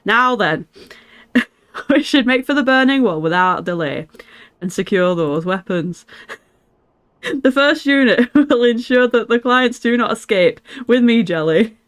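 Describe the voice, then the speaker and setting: A woman's voice: on the high side, expressive, unhurried. A woman doing a formal northern English knight. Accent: northern English, put on. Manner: formal, old-fashioned speech. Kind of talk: reading game dialogue aloud.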